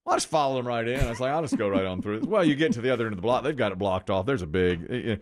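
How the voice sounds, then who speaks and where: Middle-aged male morning host, lively storyteller, acts out the quotes. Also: racing. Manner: animated storyteller, acts out quotes with big pitch jumps. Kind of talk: casual radio banter.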